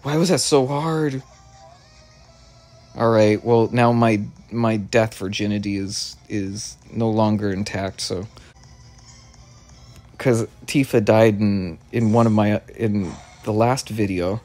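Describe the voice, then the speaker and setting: A man giving excitable let's play commentary, stammering over his words and swearing often, with faint game music behind him. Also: lowish voice, slow pace. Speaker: gaming video creator.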